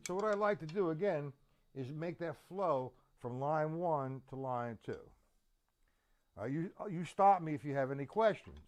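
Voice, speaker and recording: A man teaching a drum lesson, counting the beats aloud slowly and emphatically. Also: a little high, animated, soft background music. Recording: loud drum kit over voice. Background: loud drums.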